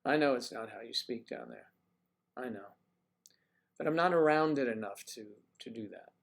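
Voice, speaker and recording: A man's voice: mid-range voice, moderate pace, gravelly. A man hosting a livestream, chatting casually with viewers in a rambling, teasing way. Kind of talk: casual chat.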